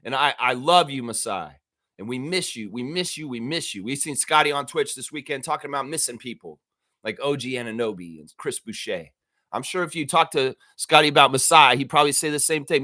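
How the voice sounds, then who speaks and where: A man hosting a casual daily fan livestream, talking excitedly, swearing and acting out bits of dialogue. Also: mid-range voice, brisk.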